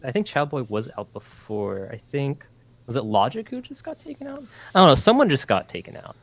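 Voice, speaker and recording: A man's voice: mid-range voice, big pitch swings, brisk, vocal fry, a bit bright, dry recording. A man casting an amateur esports match, easygoing and playfully teasing his co-caster. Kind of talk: casual esports commentary.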